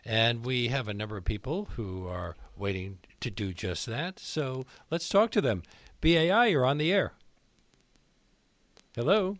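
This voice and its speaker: A man hosting a radio call-in show, speaking in a calm, measured way. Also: medium pitch, dry recording.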